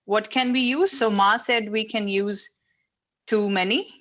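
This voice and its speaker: A woman's voice: mid-range voice, unhurried, a bit bright, highs cut off. Patient woman teaching an online class. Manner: patient, explaining step by step with frequent fillers. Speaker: English teacher. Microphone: video call.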